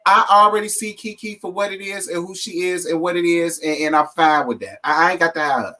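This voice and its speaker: A man's voice: high-pitched, brisk, sharp tone. A man co-hosting a casual gossip chat, blunt and sassy, brushing off critics. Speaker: co-host.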